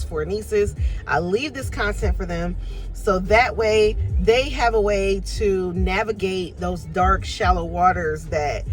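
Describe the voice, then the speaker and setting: A woman's voice: medium pitch, a bit bright, poor audio. A woman, chatting casually and animatedly from her parked car as a tarot reader, laughing and swearing freely. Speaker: tarot reader and life coach. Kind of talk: casual chat to camera.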